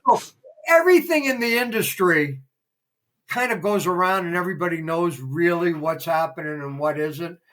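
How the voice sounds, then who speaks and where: A man's voice: fairly high pitch, lively intonation, normal speed, fairly bright tone, low-quality recording. A man, a former theater promoter, telling rambling behind-the-scenes anecdotes as a podcast guest, full of fillers. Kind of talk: casual interview storytelling.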